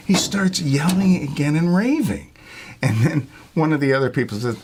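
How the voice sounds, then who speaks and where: A man's voice: mid-range voice, fairly quick, a little mellow, a little hiss or hum. A middle-aged man, a longtime retail worker, telling casual stories in a rambling, profane way and laughing as he goes. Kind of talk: casual storytelling.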